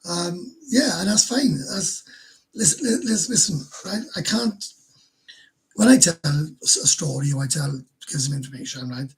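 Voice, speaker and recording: This is a Welsh man hosting a loose livestream, his voice deeply husky and worn. He sits a little higher in pitch than most men and rambles as he talks, swearing casually and doubling back on half-finished phrases. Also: expressive, moderate pace. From Wales. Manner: rambling, swears freely, stumbles and repeats words. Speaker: livestream host. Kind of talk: casual livestream chat answering viewers.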